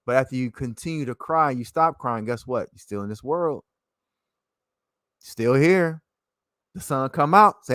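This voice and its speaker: A man's voice: medium pitch, animated, normal speed, pauses often, dry recording. Rambling man with a dry close sound. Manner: rambling, swings between loud and soft. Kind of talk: casual monologue.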